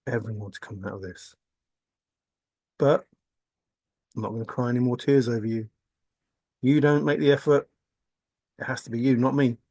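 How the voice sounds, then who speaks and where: A video blogger giving a rambling spiritual monologue, talking in an intense, repetitive way and swearing. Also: male voice, mid-range voice, normal speed, pauses often, a little mellow, dry recording.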